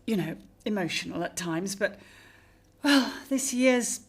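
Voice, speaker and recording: A woman's voice: medium pitch, expressive, measured pace, slightly rough. An actress playing a middle-aged mother who fusses over her daughter in a doting, teary way in a radio drama. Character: fussy emotional widowed mother.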